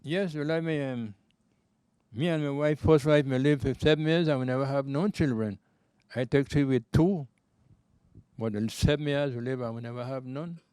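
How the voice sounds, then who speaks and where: A man's voice: medium pitch, normal speed, mellow, clear, resonant tone, no room sound. A man in his nineties with a Belizean Creole accent, rambling through life stories as an interview guest, often repeating himself. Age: 90s. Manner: loose, repetitive storytelling in Creole speech. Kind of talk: rambling life-story telling.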